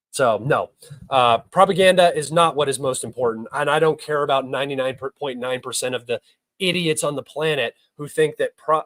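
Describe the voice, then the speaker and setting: A man's voice: mid-range voice, fairly bright tone, no room sound, poor audio. Blunt, argumentative young man. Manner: blunt, argumentative, swears, reads chat questions aloud. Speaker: podcast host answering live chat. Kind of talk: heated live-stream commentary.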